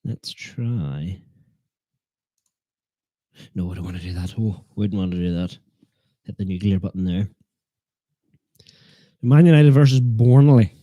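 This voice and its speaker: A man's voice: deep voice, fairly even intonation, unhurried, pauses often, warm tone, no room sound, muffled recording. A man hosting a live football watchalong stream, chatting in a joking, self-deprecating way and teasing his viewers. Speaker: fan channel host.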